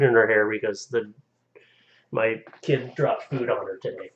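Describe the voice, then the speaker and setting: A man's voice: on the low side, a little slow, dull audio. Casual rambling young male streamer. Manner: casual, rambling, laughs often, stumbles over names. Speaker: live streamer. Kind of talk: casual live-stream chat reading viewer stories.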